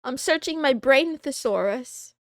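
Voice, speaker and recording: A playful, giggly woman talks with her viewers on a casual livestream, meowing now and then in a cat persona. Her voice sits high and swoops up and down a lot, and she takes her time over the words. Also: lively intonation, a little slow, no room sound, clean studio sound. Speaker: VTuber streamer. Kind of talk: casual livestream chat, reading out viewer names.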